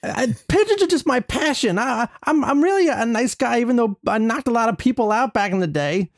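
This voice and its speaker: A man doing a high-voiced boastful ex-boxer. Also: lively intonation, a little fast. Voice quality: high soft boyish voice.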